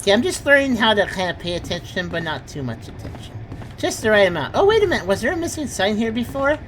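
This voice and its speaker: Woman streamer, animated pitch, chatty play-by-play with frequent laughs, slight background hiss. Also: quick pace. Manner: chatty, thinks aloud, laughs often. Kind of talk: casual gameplay commentary.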